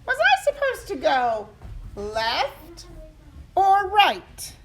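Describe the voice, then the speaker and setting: A woman's voice: extremely high pitch, huge pitch swings, very slow, voice pushed up, exaggerated voice. A woman voicing a young, absent-minded male bunny in a storybook read-aloud, sounding puzzled and questioning. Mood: pondering.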